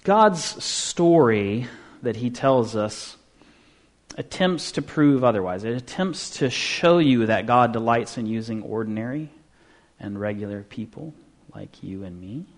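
A man preaching a sermon in a conversational way, asking rhetorical questions and dropping into quiet asides. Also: medium pitch, animated, a little slow. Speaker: pastor.

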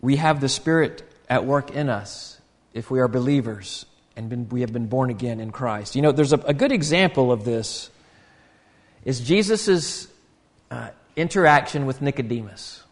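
A man's voice: mid-range voice, lively intonation, normal speed, in a large hall. A man, preaching a sermon in an earnest, conversational way with frequent restarts. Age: 50s. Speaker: pastor.

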